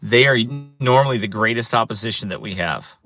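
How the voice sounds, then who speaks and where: Fairly low in pitch but pushed and bright, this man talks a little fast over faint background music. He preaches on the street, telling stories in a loose monologue and restarting phrases again and again for emphasis.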